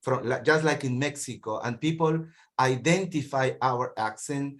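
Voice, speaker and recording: A university teacher from Piura in northern Peru hosts an online meeting over a video call, speaking with a Peruvian accent. His medium-pitched male voice moves at normal speed with hardly any pauses, friendly and rambling, often repeating words.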